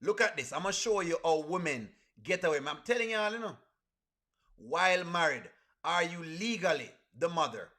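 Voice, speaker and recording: A man talks to his stream chat as he reacts to a video. His voice sits high and sounds bright and forceful. He is animated and repeats his exclamations over and over. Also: normal speed.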